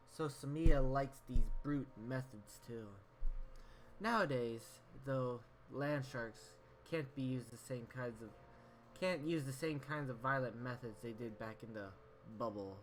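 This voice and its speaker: A man's voice: mid-range voice, expressive, measured pace, a bit bright, a little hiss or hum, low-quality recording. A man reading a visual novel's narration aloud as a gaming YouTuber, dropping in casual, slangy asides.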